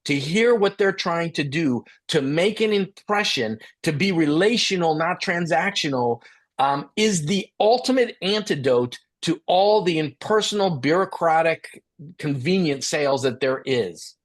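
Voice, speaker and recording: A man's voice: fairly high pitch, measured pace. Middle-aged male expert speaker; storyteller who animates his characters' lines. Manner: animated, acts out dialogue. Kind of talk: storytelling talk.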